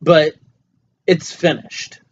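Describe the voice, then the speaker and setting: A man's voice: on the high side, drawn-out words. A man co-hosting a casual podcast, joking and laughing often, talking right into a close mic on a tripod, with a dull lo-fi sound and faint hiss. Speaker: podcast co-host. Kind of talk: casual chat.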